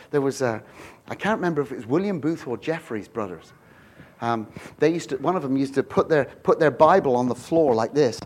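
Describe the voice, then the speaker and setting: A middle-aged man preaching a sermon, telling stories with lively swings from hushed to shouting. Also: sits high, a little hiss or hum.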